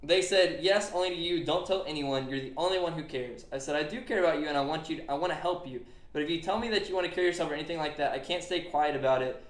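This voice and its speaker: A man's voice: fairly high pitch, fast, few pauses. A young man hosting a casual podcast, earnestly retelling a conversation with lots of fillers. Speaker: streamer and podcast host. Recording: echoey room.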